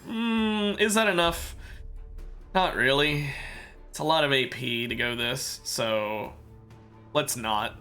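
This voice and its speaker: A man's voice: mid-range voice, slow pace, pauses often, sharp tone, faint music behind. A man streaming a video game, rambling and correcting himself in casual commentary while sounding sleepy and yawning.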